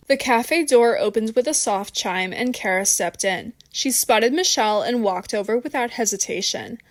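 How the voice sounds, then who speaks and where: A woman narrating an audiobook in a steady, even reading voice. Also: on the high side, moderate pace, hardly any pauses.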